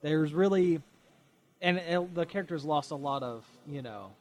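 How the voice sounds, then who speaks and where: A man's voice: on the high side, normal speed. A man co-hosting a casual chat, rambling with many fillers and frequent laughs. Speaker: podcast co-host.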